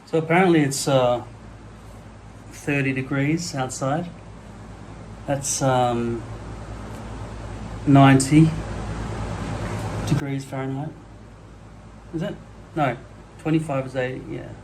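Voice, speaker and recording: A male vlogger talks casually to his camera, rambling from one thought to the next in a middle-pitched, slightly mellow voice. He's frank and loose, dropping the occasional curse word, with a steady tone, a slow pace and frequent pauses. A little hiss or hum can be heard.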